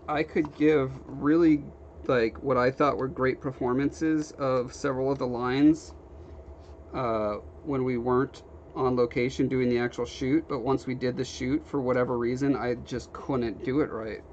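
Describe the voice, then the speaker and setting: Relaxed man chatting on a stream. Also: mid-range voice, unhurried. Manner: relaxed, rambling, reads viewer comments aloud. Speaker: livestreamer. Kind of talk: casual chat while working, reading chat. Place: home workshop. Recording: slightly dull stream audio with faint background noise.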